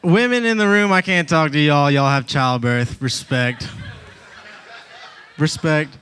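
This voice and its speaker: Animated stand-up comic, smooth voice. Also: male voice, a little high, normal speed. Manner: animated storytelling, acts out voices. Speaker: stand-up comedian. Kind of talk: stand-up comedy set.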